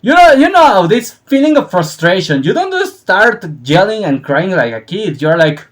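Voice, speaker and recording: A man's voice: sits high, very animated, normal speed, a little hiss or hum. Profane man ranting casually, laughing often. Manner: profane, laughs often, acts out scenes in shouted voices. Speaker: vlogger. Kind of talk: casual opinion monologue.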